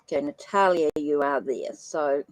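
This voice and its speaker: Hosting a live tarot reading stream, a woman with a low, slightly mellow voice chats casually at a moderate pace, apologizing and thinking aloud as she types viewers' names. She mentions she has a funny accent. The recording is dry and rough.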